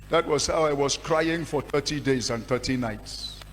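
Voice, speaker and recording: A man, a pastor giving a testimony sermon with passionate storytelling that surges in pitch and volume. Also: normal speed, hardly any pauses. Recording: long hall reverb with faint hum.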